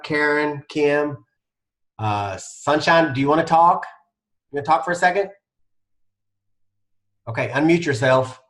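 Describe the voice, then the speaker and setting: A man hosting a team video call, talking in a relaxed, chatty way with small stumbles. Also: a little high. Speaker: call host.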